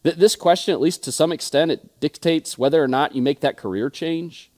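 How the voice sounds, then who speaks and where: Man preaching, thirties, slightly high voice, stammers, repeats words, storytelling sermon. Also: brisk, a little mellow. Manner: frequent stutters and word repeats; storytelling, acting out quoted friends. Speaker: pastor.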